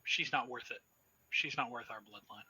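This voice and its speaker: A man's voice: medium pitch, normal speed, bright, forceful tone, husky, rough recording. A man voicing a haughty, catty vampire woman in a tabletop role-playing game, framing her lines with "she goes".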